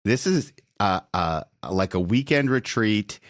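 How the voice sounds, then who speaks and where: A man hosts a casual podcast interview, eagerly encouraging his guest. His voice sits on the low side. The sound is dry and close-miked. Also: expressive, unhurried, no echo. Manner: enthusiastic, encouraging. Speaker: podcast host.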